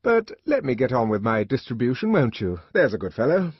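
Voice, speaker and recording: A fussy young official with a sharp, peremptory bark, pitched high above the reader's own voice, as a man puts him on. He snaps orders and coaxes by turns, on a dull, lo-fi recording. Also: huge pitch swings, moderate pace, no room sound, exaggerated voice. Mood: placating. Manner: peremptory, then smoothly placating.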